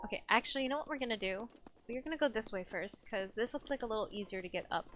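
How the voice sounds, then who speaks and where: A woman's voice: fairly high pitch, expressive, fast talker, a bit bright, a little hiss or hum. A woman live-streaming a video game, chatting casually, reading chat aloud and giggling often.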